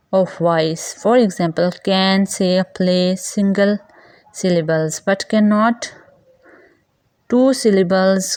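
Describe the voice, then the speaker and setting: Slow, measured woman reading grammar lessons. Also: mid-range voice, a little mellow, dry recording. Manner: measured, reads definitions and word lists. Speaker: grammar teacher.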